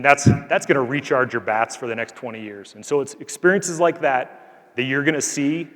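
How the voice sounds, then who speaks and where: Earnest military officer speaking in a hall. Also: male voice, medium pitch, a bit bright. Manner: earnest, conversational, frequent "like" fillers. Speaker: Air Force colonel addressing cadets. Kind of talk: motivational speech with anecdote. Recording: long hall reverb.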